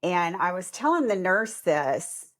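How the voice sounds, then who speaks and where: A woman's voice: fairly low pitch, slow. A middle-aged woman co-hosting a podcast, telling personal stories in casual chat and acting out what others said. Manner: animated, acts out quoted voices, laughs often. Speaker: podcast co-host.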